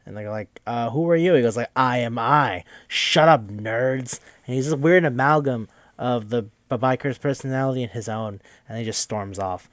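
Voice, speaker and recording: A young man casually recapping a video game for a podcast, rambling, swearing freely and tossing in quick mocking quotes of the characters. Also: lowish voice, dry recording. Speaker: podcast host.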